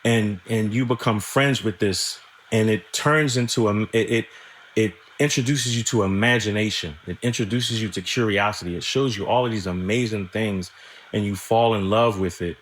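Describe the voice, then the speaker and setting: A man talking candidly as a podcast guest, reflective and halting, often restarting his sentences and swearing now and then. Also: on the low side, a little hiss or hum. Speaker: guest screenwriter. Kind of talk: candid conversational interview.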